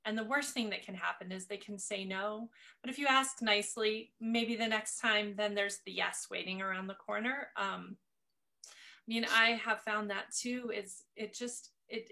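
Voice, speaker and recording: A woman's voice: mid-range voice, gravelly, sharp tone. A woman hosting an interview podcast, talking reflectively and encouragingly as she wraps up the conversation. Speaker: podcast host. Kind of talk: casual interview chat.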